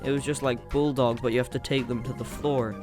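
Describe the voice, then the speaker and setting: A man's voice: medium pitch, fairly even intonation, a little fast, music in the background. Rambling Irish guy telling stories. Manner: rambling, laughing at his own jokes. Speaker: channel host. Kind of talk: casual storytime chat.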